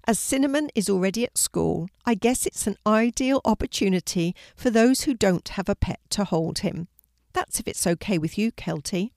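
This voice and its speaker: A woman's voice: medium pitch, lively intonation, moderate pace, vocal fry, no room sound, studio quality. A woman voicing a kind, encouraging schoolteacher in a children's storybook reading. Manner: warm, encouraging.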